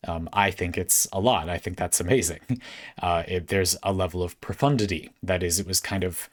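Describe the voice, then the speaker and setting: A man's voice: sits low, normal speed. A man talking casually to camera at home, answering a viewer's question and thinking aloud with fillers, restarts and short laughs. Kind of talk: casual spoken essay to camera.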